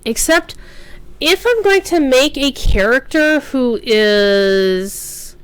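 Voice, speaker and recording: A woman's voice: sits high, animated, takes it slowly, smooth. A woman streaming a game, chatting casually and rambling through asides with plenty of fillers and offhand swearing. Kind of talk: casual gameplay commentary.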